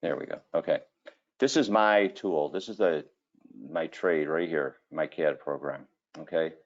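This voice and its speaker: A kitchen designer talking through a screen-share presentation, telling folksy stories and filling gaps with 'okay' and 'you know'. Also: male voice, very deep voice, unhurried, highs cut off. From Cleveland area, Ohio.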